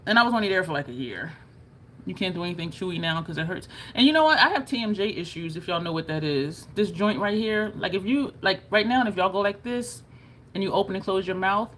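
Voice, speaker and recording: A woman's voice: medium pitch, fairly bright tone, a little hiss or hum. A woman vlogging to camera in a casual, chatty way, laughing often and showing her jaw as she talks. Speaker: beauty vlogger.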